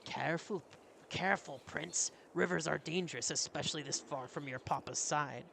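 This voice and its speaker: A sneering, gravelly governor , put on by a man reading a game aloud, arrogant and condescending. His tone is bright and edged, with a faint hiss of noise behind him. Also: fairly high pitch, normal speed. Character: smug, arrogant one-handed male governor.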